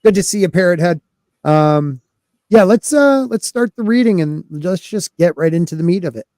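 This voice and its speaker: A man's voice: sits high, animated, moderate pace, dry recording, clean studio sound. Chatty man hosting a podcast. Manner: chatty, shouts out live chat viewers. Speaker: podcast host. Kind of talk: casual podcast chat.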